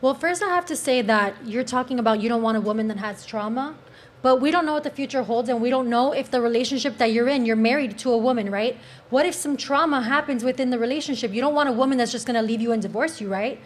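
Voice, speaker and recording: A woman's voice: on the high side, quick pace. A woman with a Cuban accent, a panel guest speaking openly and earnestly in casual talk. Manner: open, candid, earnest.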